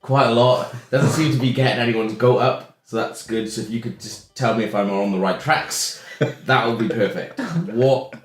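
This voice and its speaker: A man's voice: mid-range voice, steady tone, normal speed. A man in an improv comedy scene, talking in a laid-back, chuckling ramble. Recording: roomy sound.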